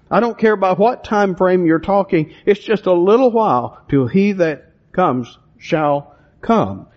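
A man's voice: a little high, darkish tone. Preacher man, dull lo-fi sermon recording. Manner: reads scripture slowly with stressed words, then talks plainly to the congregation. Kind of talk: expository sermon.

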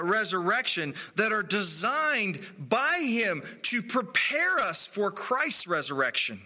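A man delivers a sermon in an earnest, measured way, leaning on his pauses. His voice sits fairly high and moves around a great deal in pitch, with a very bright, forward tone, and he takes his time. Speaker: pastor.

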